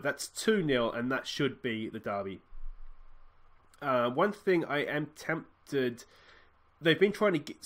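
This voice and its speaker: A young man with an Australian accent talks over his football management game into a desk mic. His mid-range voice rambles casually through tactics and substitutions. When a goal lands he jumps to excited shouts. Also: medium pitch. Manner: chatty, thinks aloud, bursts into excited shouts at goals. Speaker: let's play host. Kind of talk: casual gameplay commentary.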